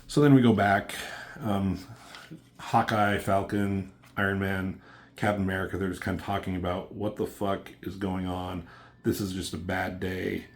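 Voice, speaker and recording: A man with a notably low voice talks through a comic book review in a loose, rambling way. He leans on fillers and drops casual swears as he sums up the story. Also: level tone, normal speed, slight background noise.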